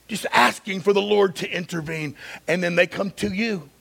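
A male pastor preaching an impassioned sermon that swings between loud emphasis and hushed stretches. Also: sits high, moderate pace, gravelly.

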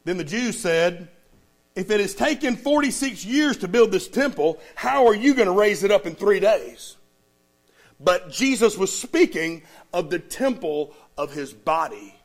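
A man preaching a sermon. He tells stories in a lively way and calls out to the congregation. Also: high voice, measured pace. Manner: lively storytelling with call-outs to the congregation. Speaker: pastor.

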